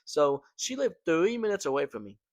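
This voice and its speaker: Young male storytelling vlogger, animated slangy delivery, dry close sound. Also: on the high side, moderate pace, dry recording. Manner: slangy, animated, fillers like "man" and "right?". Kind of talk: casual storytelling to camera.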